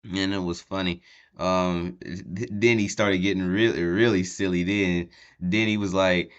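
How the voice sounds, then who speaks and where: A man with a low, smooth and resonant voice recaps a wrestling show for his channel. His talk is loose and rambling, full of ums and restarts, and he chuckles at the funny parts. It sounds like a casual, unscripted vlog. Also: steady tone, measured pace, lo-fi sound. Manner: rambling, lots of ums, laughs at the story.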